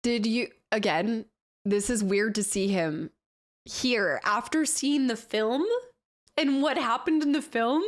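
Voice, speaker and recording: A woman streaming a casual live reaction, her voice sitting a little high. She talks freely and laughs often, poking fun at herself as she goes. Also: slow pace. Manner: chatty, laughs often, self-deprecating.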